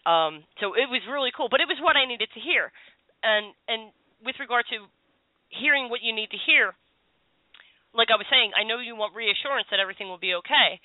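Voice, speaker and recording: A woman's voice: fairly high pitch, expressive, fairly quick, no room sound. A woman hosting a call-in radio show as a psychic, chatty and reassuring. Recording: tinny phone-line radio sound.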